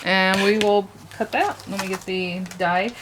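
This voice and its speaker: A woman's voice: medium pitch, flat delivery, normal speed, background noise. A woman hosting a casual crafting tutorial, thinking aloud with frequent restarts and little laughs as she works at her desk. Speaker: crafting channel host.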